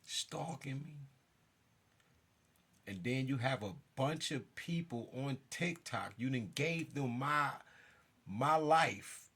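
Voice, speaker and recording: A man's voice: medium pitch, a bit bright, husky. A man delivering an intense, profane monologue straight to his listeners, jumping around as he talks. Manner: jumps around while talking. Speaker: self-styled spiritual figure. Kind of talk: ranting monologue to camera.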